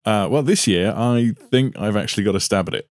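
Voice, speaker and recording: A man's voice: lowish voice, a little fast, dry recording, clean studio sound. A man co-hosting a casual podcast over an online voice call. He jokes and laughs often. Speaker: podcast co-host.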